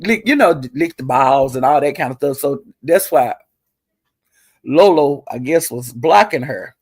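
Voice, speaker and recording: A middle-aged woman telling gossip in a chatty, salty way, calling listeners honey and girl and jumping her pitch up high when she quotes people. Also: breathy edge, no room sound. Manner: animated, jumps her pitch up high when quoting others. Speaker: online commentator. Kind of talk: casual gossip storytelling.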